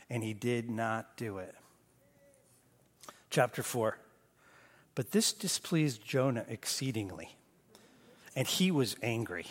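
A man preaching a sermon as pastor, moving between emphatic bursts and hushed, slow lines. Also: a little high. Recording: long reverb of a church hall.

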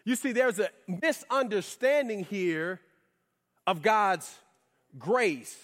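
A man preaching a sermon in a lively, conversational way with casual slang asides. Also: very high voice, measured pace. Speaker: pastor. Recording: reverberant hall.

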